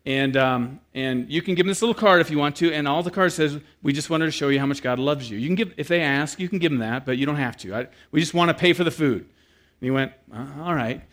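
A man's voice: on the high side, quick pace, hardly any pauses. Man preaching with acted-out stories. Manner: animated storyteller who acts out quoted voices, then turns quiet and earnest. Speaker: pastor. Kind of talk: sermon with storytelling.

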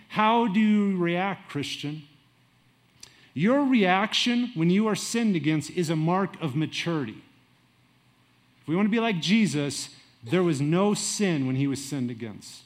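A middle-aged man preaching with a fairly high voice. His delivery is lively, rising loud and dropping quiet, and he acts out little asides as he goes. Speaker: pastor. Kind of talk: sermon.

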